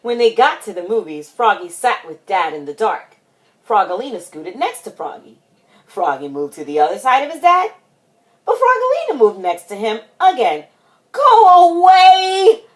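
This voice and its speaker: Expressive woman reading a picture book aloud. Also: medium pitch, moderate pace. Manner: expressive, dramatic. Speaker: storytime host.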